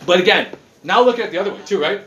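A man's voice: high-pitched, rapid-fire, a little hiss or hum. A man ranting casually and sarcastically with lots of swearing, in a living room. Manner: profane, sarcastic, animated ranting. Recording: roomy room, mic at a distance.

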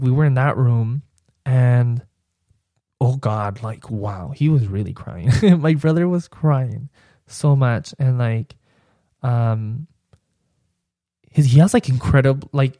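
A young man hosts his own podcast and tells a personal story in a loose, meandering way, with "like" in nearly every phrase. His voice is mellow and warm at a middle pitch, and it is recorded dry and close. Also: dry recording. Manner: rambling, heavy use of "like" as filler. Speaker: podcast host.

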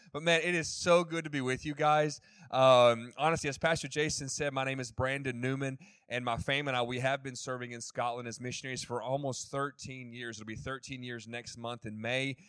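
Upbeat Texan missionary preacher. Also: male voice, mid-range voice, a bit bright, smooth, no room sound, studio quality. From Dallas, Texas. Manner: chatty, upbeat, joking with the congregation. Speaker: missionary guest speaker. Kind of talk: sermon opening. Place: church sanctuary.

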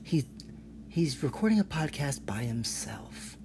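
A man's voice: on the high side, very animated, a little slow, darkish tone, slight background noise. A man hosting his own podcast alone, rambling in a profane, sarcastic rant. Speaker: podcast host.

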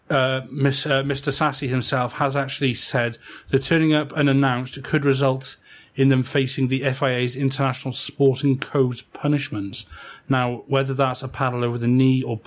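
A man hosting a casual panel discussion, speaking with many fillers and restarts. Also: mid-range voice. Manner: flat, hesitant, full of fillers. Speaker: podcast host.

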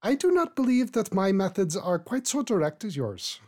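Casting: performer playing a genteel lady past eighty, mid-pitched, formal and gracious, with a wandering accent. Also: very animated, moderate pace, a little mellow. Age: older. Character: elderly female labor organizer, over eighty, gracious.

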